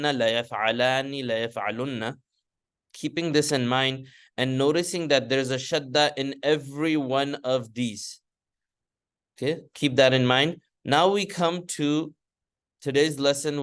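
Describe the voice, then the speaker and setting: A man's voice: medium pitch, a bit bright, clear, resonant tone. Patient male grammar teacher in class. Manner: patient, repeats terms and has students recite after him. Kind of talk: classroom lecture with recitation drills.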